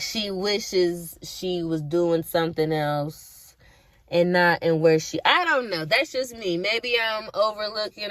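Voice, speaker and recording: A woman with a lowish voice, recorded with no room sound, chats casually while reacting to an awards show. The vlogger is candid and profane, tossing out plenty of slang and side comments.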